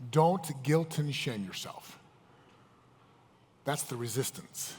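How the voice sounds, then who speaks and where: With a husky, darkish, medium-pitched voice, a motivational speaker talks slowly yet animatedly at a seminar. He fires emphatic questions directly at the live audience filling a large hall, which echoes around him.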